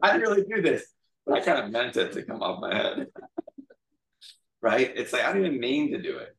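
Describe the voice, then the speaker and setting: A male pastor giving a casual, animated sermon, retelling a story in conversational storytelling style, heard in an echoey room from a distant mic. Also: medium pitch, fairly quick.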